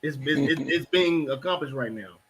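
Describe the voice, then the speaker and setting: A man's voice: a little high, normal speed, crowd noise. A man hosting a casual panel talk, explaining earnestly and acting out everyday exchanges. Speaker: host.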